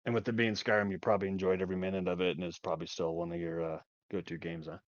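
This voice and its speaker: A man on a casual podcast, firing off quick jokes and teasing questions at his co-host. His recording is dry, with no room sound, and a bit dull and muffled. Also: sits low, level tone, no room sound. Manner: quick, joking, cheers the other host on.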